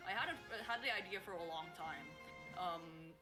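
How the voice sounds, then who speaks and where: A chatty, joking woman talking casually on a live stream. Clear music plays behind her voice. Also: fairly low pitch, normal speed, poor audio. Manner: chatty, jokey. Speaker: stream co-host and game master. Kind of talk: casual chat.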